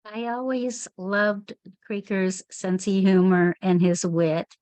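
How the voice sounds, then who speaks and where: A woman at a tribute, recalling a friend with small laughs and then reading her poem in a measured, unhurried way. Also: medium pitch, steady tone, a little mellow, dry recording. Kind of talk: speaking then poetry reading.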